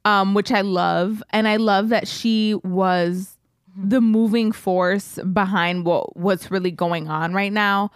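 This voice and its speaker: A woman's voice: medium pitch, steady tone, slow pace, clear, resonant tone, dry recording, studio quality. A woman co-hosting a podcast, drunk, chatting in a rambling way full of fillers. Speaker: podcast co-host. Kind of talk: casual drunk chat.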